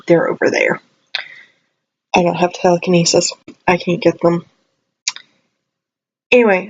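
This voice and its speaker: A young woman vlogger rambling casually, her voice jumping high when excited, her throat a little dry. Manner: chatty, rambling, animated with sudden high jumps. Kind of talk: casual chat. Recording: slightly dull lo-fi audio.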